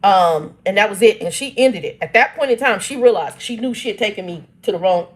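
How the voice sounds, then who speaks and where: A woman's voice: mid-range voice, animated, a little fast. A woman, telling a family dispute in a casual vlog. She reads text messages aloud and breaks in with blunt, irritated asides. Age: 50s. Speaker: channel host.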